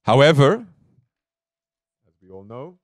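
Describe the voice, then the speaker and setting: A man's voice: medium pitch, sing-song, takes it slowly, no echo, clean studio sound. A man giving a devotional sermon as a spiritual teacher, telling a story in an emphatic, conversational way and often checking in with his listeners.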